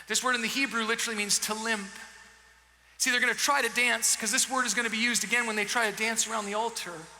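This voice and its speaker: Male pastor, sharp gravelly voice, dramatic preaching that swings loud to hushed. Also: very high voice, steady tone. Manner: dramatic, swings from loud emphatic lines to hushed slow ones. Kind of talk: sermon. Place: church sanctuary. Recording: long church hall reverb.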